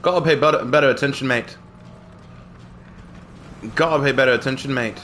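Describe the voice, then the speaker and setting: A man's voice: mid-range voice, fairly quick, a bit bright, a little hiss or hum. A game streamer, a man, chatting through his matches in a hammy put-on British accent full of mock slang. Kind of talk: gaming livestream commentary.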